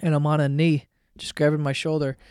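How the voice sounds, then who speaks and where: A man's voice: a little high, level tone, fairly quick, darkish tone, smooth, dry recording, clean studio sound. A young man telling a story casually, rambling with lots of filler words and swearing. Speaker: vlogger.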